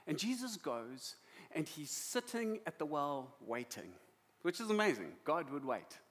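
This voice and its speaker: A man with a South African accent preaching a sermon in a lively, emotional storytelling manner. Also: on the high side, a little slow. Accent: South African English. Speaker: pastor.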